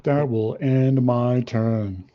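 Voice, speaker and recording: A man's voice: medium pitch, drawn-out words. A man playing a tabletop game over a call, joking, swearing and laughing often. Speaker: player. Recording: muffled online call audio.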